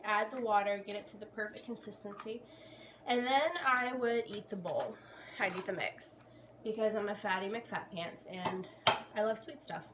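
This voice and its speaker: A woman's voice: medium pitch, moderate pace, background noise. Bubbly young woman rambling while baking. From Georgia, USA. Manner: bubbly, rambling, self-mocking. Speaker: vlogger. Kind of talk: casual chat while baking.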